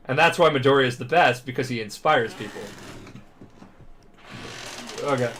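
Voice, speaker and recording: A man's voice: medium pitch, moderate pace, slight background noise. A drunk man co-hosts a podcast and recaps a story at length. His voice sits in a middle range. He rambles, swears freely and keeps restarting his sentences. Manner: rambling, profane, animated. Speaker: podcast co-host. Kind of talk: casual podcast retelling.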